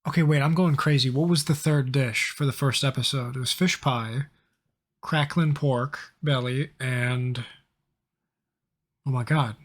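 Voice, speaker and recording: A man's voice: mid-range voice, fairly even intonation. A man live-streaming, chatting casually and cursing as he reacts to a show. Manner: chatty, swearing, quick asides.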